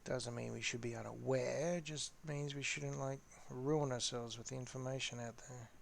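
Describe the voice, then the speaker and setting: A man's voice: medium pitch, steady tone, moderate pace, vocal fry, slight background noise. A man hosting a casual live-stream chat while painting models, rambling and talking to his viewers. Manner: rambling, chatty, talks to the chat.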